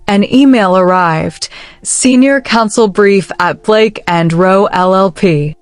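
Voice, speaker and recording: A woman narrating a story in a measured, even delivery. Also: mid-range voice, dry recording, soft background music.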